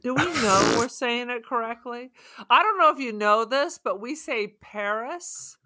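A woman's voice: fairly high pitch, animated, bright, forceful tone. A woman co-hosting a podcast, trading sarcastic quips in a casual chat about a horror movie. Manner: playful, sarcastic, quick quips. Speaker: podcast co-host.

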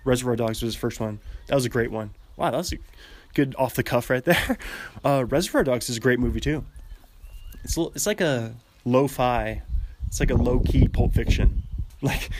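A young man talking casually on a podcast, rambling and chatty, laughing often and restarting his sentences. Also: mid-range voice.

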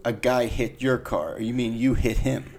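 A man's voice: mid-range voice, steady tone, moderate pace, crowd noise. A man co-hosting a casual podcast, reacting with crude, laughing remarks. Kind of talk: casual chat.

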